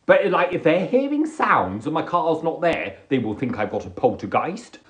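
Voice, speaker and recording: A man's voice: fairly high pitch, big pitch swings, moderate pace, a bit bright. A man riffing in a casual, jokey, self-deprecating monologue on a live stream. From England. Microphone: phone or webcam on a live stream.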